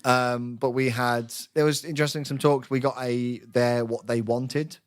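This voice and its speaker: A man's voice: mid-range voice, steady tone, moderate pace, smooth. Rambling male podcast host. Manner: rambling storyteller, acts out own lines. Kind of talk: casual chat.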